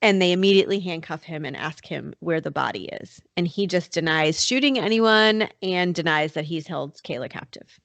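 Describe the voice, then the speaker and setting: A woman's voice: fairly low pitch, lively intonation, normal speed, vocal fry, fairly bright tone, no echo. A woman hosting a true-crime podcast, telling the story in a casual, chatty way with lots of fillers. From North Carolina. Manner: chatty, many fillers like "like" and "you know". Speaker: podcast host.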